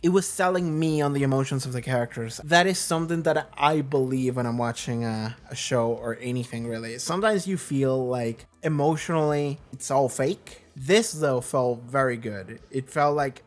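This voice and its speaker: A man's voice: medium pitch, animated, moderate pace. A man hosting a reaction video, talking casually and earnestly, rambling with lots of fillers and the odd swear word.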